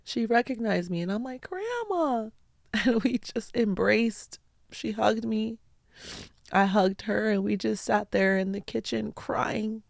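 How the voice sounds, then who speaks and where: A woman hosting her own show, telling personal stories in an earnest, heartfelt way with slow, deliberate phrasing. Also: mid-range voice, steady tone, creaky, no room sound, clean studio sound. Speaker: podcast host. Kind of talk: personal storytelling talk.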